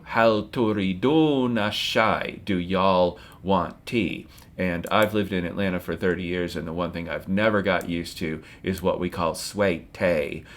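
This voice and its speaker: A middle-aged man with a notably low voice gives a recorded language lesson. He stays relaxed and drops dry, wry asides. He slows right down to pronounce each new word with care. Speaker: Arabic language teacher.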